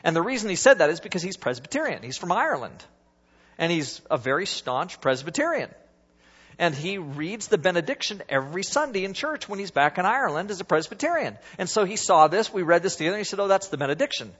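A middle-aged man preaching a sermon as pastor, with a husky voice and an emphatic style that swings between loud rises and soft drops. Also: sits high, sing-song, quick pace. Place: church sanctuary. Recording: dull sound with long church reverb.

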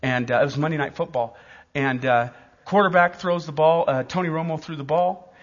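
A man in his forties preaching a sermon in an animated, emphatic, joking way. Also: a little high, normal speed, long reverb tail, muffled recording.

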